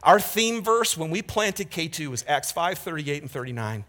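A man preaching with a bright, slightly high voice that rises and falls widely. He talks to the congregation candidly and conversationally, building to loud emphatic peaks and then dropping to a hush. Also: moderate pace. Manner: animated and emphatic, swinging from loud to hushed. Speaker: pastor. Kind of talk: sermon.

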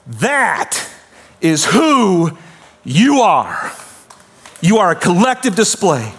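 A man preaching a sermon as pastor, swinging from shouts down to hushed, quiet lines. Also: high voice, sing-song, slow pace, husky.

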